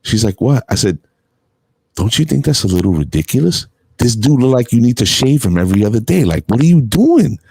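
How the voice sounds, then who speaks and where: A man's voice: medium pitch, brisk, vocal fry, slightly rough, no echo. A middle-aged man hosts a casual call-in chat, telling stories with laughs and swearing freely. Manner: animated storytelling, laughs often, swears freely. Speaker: show host.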